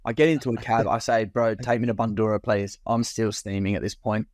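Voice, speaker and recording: A man's voice: lowish voice, steady tone, a little fast, a little mellow, no echo, studio quality. A young man, co-hosting a podcast and telling a rowdy night-out story in casual chat, swearing freely and acting out his own past lines. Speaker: podcast co-host.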